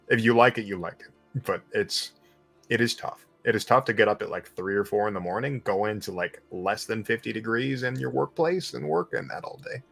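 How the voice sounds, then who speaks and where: A man's voice: lowish voice, moderate pace, creaky, fairly bright tone, soft background music. A man running a live-streamed tabletop game as game master, casual and joking and swearing freely.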